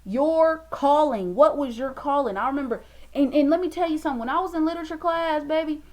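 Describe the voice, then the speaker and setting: A high-pitched young woman vlogging in a casual, motivational monologue. She talks in a loose, expressive way, often calling her viewers "baby" and "y'all". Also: fairly quick.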